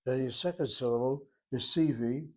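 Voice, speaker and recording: A man's voice: mid-range voice, normal speed. Methodical man teaching Hebrew grammar. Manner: methodical, repeats key terms, explains step by step. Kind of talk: grammar lesson.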